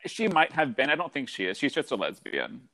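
A man's voice: medium pitch, big pitch swings, pushed and bright. A man in casual chat, joking back and forth and often chiming in with agreement. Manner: quick, joking banter with frequent agreement.

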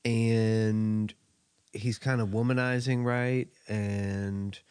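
A man's voice: lowish voice, level tone, drawn-out words, a little mellow, clear, resonant tone, dry recording. A man co-hosting a podcast, talking through a film in a loose, rambling way, swearing casually and laughing at the scenes. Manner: laid-back, rambling, profane, with small laughs. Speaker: podcast co-host.

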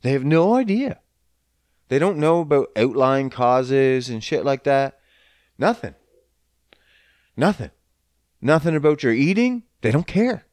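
A man's voice: medium pitch, very animated, normal speed, a little mellow, clear, resonant tone, no echo, studio quality. A man in a casual, profane rant who swears often and slips into mocking voices. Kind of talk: casual ranting monologue.

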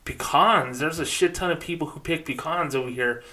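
A man from New Mexico in the United States hosts a solo podcast in a somewhat high voice that sounds pushed and bright, talking at normal speed. He rants casually and rambles in an exasperated way, swearing often and restarting his sentences.

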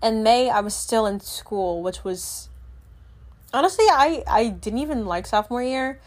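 A teenage girl talks casually to her viewers, her voice sitting a bit high. She rambles, stacks up fillers and keeps breaking off to restart her thoughts. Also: a little slow, a little mellow. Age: teens. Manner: rambling, chatty, filler-heavy with lots of "like"; self-correcting, trails off and restarts. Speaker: vlogger. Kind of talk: casual chat to camera.

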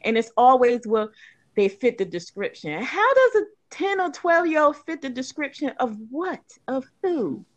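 A woman's voice: high voice, very animated, normal speed. Emphatic woman firing indignant questions. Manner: frequent restarts and fillers. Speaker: podcast co-host. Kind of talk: casual podcast discussion.

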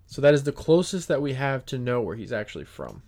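A man's voice: mid-range voice, sing-song, fairly quick, darkish tone, husky. A man hosting a podcast in casual chat, telling stories in a rambling way with restarts. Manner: rambling storyteller with many restarts. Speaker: podcast host.

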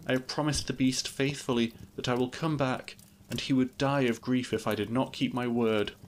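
A man voicing an earnest, gentle young woman in a storybook reading, lifting his voice softly. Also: steady tone, normal speed, a little hiss or hum, natural voice. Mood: pleading. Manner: raised pitch, soft and pleading.

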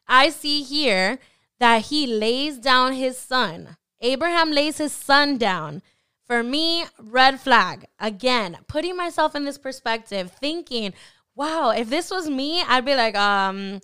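Bright, clear-voiced woman podcast host. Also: fairly high pitch, a little slow. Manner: animated, acts out imagined thoughts in quotes. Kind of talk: casual faith talk.

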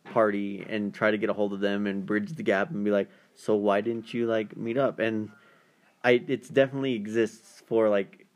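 A man tells a long, rambling story in casual chat, his voice carrying a gravelly fry. He leans on fillers and slips into the voices of the people he describes. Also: fairly low pitch, level tone, normal speed. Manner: rambling storyteller, many fillers, acts out quoted callers.

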